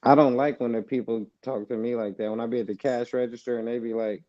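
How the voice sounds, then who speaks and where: Chill guy agreeing on a podcast, warm dark voice, kinda muffled audio. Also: medium pitch, fairly even intonation, moderate pace. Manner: laid-back, agreeable chiming in. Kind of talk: casual chat.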